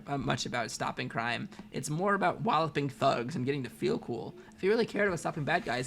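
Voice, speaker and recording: A man's voice: mid-range voice, gravelly, sharp tone, a little hiss or hum. A man reading the part of a brash, cocky teen troll girl, rambling into a boastful rant, with faint ambience behind.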